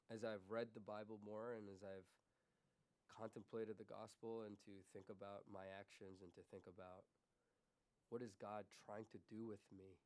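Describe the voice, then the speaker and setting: With a rather low voice, a man gives a church sermon as pastor, moving between subdued, confessional remarks and loud, insistent questions directed at the congregation.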